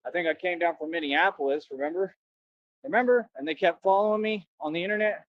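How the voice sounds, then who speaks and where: A young man, once a bouncer, rants and boasts on a livestream in slangy, combative language. His voice is on the high side with fairly even intonation, and he talks fast. The dry recording has a dull, lo-fi stream quality.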